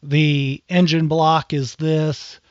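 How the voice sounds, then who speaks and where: A man's voice: a little high, slow, dry recording. A man co-hosting a podcast, rambling through examples in a casual chat. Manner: rambling, animated retelling with acted quotes. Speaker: podcast co-host. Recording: dry, dull lo-fi sound.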